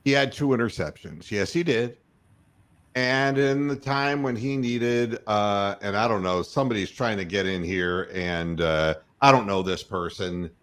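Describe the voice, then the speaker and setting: A man's voice: on the low side, a little slow, fairly bright tone, smooth. A man hosting a podcast, ranting sarcastically and swearing freely. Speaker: podcast host. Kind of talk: profane rant.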